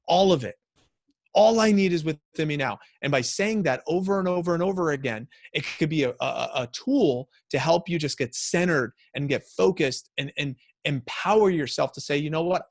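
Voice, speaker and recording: A man giving a motivational talk to a company's staff, energetic and repeating key phrases for emphasis. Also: medium pitch, dry recording, studio quality. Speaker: motivational speaker.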